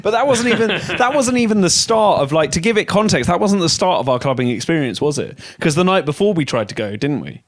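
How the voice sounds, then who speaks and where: A young British man co-hosting a podcast in casual chat, animated and teasing, with swearing. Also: fairly high pitch, fast talker, hardly any pauses. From Britain. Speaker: podcast co-host.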